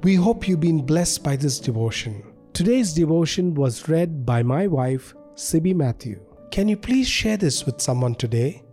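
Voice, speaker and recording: A man's voice: a little high, very animated, moderate pace, few pauses, warm tone, faint music behind. A man closing a devotional program with a friendly, direct announcement to listeners. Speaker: ministry host.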